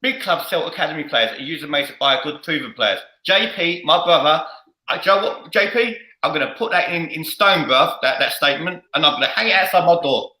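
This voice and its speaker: A man hosting a fan show with a loud, boisterous manner, repeating himself and laughing often. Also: a little high, lively intonation, quick pace, echoey room, rough recording. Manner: boisterous, repetitive, laughs a lot. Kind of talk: heated fan podcast debate.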